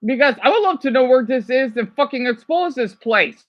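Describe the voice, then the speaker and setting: A man's voice: very high voice, animated, a little fast, dull audio. A man from Arizona reacting to a news clip, ranting heatedly with lots of swearing and rambling asides. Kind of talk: profane reaction rant.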